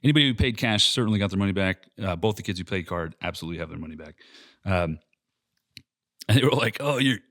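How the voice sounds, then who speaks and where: Low-voiced man telling a story. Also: fast talker, no echo, studio quality. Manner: animated storyteller, heavy swearing, acts out quotes. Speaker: airsoft park owner and podcast host. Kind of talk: casual podcast storytelling.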